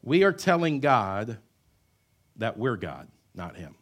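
A man preaching a sermon, who mixes humorous asides with emphatic lines and drops to quiet, stretched-out words. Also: mid-range voice, sing-song. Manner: wide swings between loud emphatic lines and quiet, drawn-out words; conversational asides and self-deprecating humor. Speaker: pastor.

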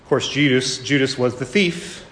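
A man's voice: mid-range voice, moderate pace, fairly bright tone. A male pastor giving a sermon, telling the scene vividly and acting parts of it out, in a church. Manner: vivid storytelling, acts out scenes. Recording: echoey hall.

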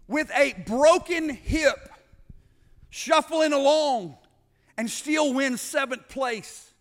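A man's voice: very high-pitched, a bit bright. A man preaching a sermon, building up with repeated phrases and rhetorical questions. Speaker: pastor.

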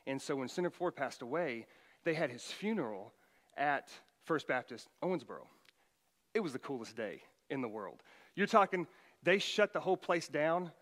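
A middle-aged man preaching a sermon as pastor, emphatic, his voice rising loud for quoted commands. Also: a little high, big pitch swings, moderate pace, in a large hall.

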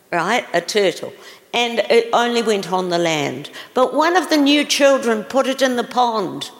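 Woman preacher with a gravelly voice. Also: on the high side. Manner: exclaiming, questions the audience. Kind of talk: sermon storytelling. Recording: long reverb of a large hall.

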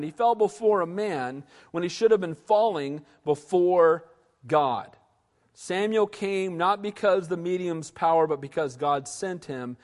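A male pastor preaching an animated sermon in a church hall and questioning his audience. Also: high-pitched.

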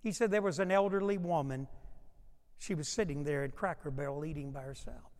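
A male pastor with a notably high speaking voice delivers a storytelling sermon. He rises and swells in volume as he acts out what people said. His voice rings out with a long reverb, as in a large church sanctuary. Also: a little fast, darkish tone. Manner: storytelling preacher who swells in volume when acting out quotes.

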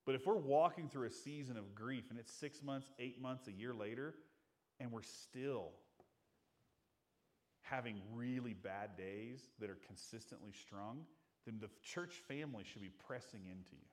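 A man's voice: medium pitch, moderate pace. Middle-aged male pastor with a mid-range voice, earnest and chatty from the pulpit. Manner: earnest, conversational preaching, acting out quoted voices. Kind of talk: sermon.

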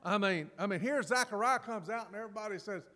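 High-pitched guy preaching a sermon, animated, acting stuff out, big echoey church. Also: quick pace. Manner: animated, acts out scripture scenes with laughs. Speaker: pastor.

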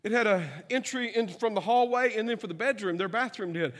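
A middle-aged pastor with a high voice preaches briskly, telling funny stories and adding asides to check in with the congregation. The sound carries a big-room quality.

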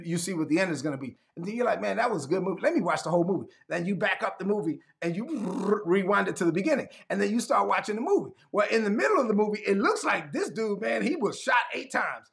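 A man preaching a sermon, emphatic and repetitive, calling for responses and building to shouts. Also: high voice, lively intonation, fast talker, vocal fry, few pauses. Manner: calls for audience response.

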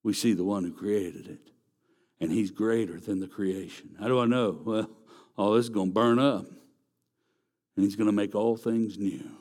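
A man's voice: on the low side, moderate pace, pauses often, a little mellow. A man preaching a sermon, emphatic and repeating key phrases for stress. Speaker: pastor.

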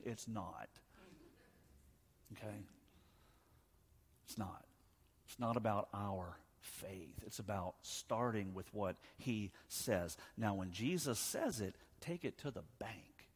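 A man preaching a sermon as pastor, emphatic, swinging between loud and hushed, acting out the dialogue of scripture. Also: on the low side, husky, long reverb tail.

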